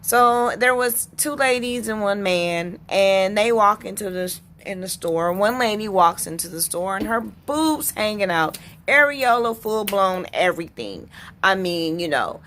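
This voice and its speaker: A woman vlogger telling a personal story in an indignant, unhurried way, with pauses and restarts. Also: on the low side, fairly bright tone.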